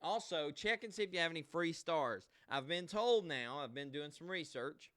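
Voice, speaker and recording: Bright, clear-voiced folksy male streamer. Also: fairly high pitch, lively intonation, moderate pace. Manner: chatty, folksy, talks straight to viewers. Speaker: host of a live online show. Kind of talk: casual livestream chat.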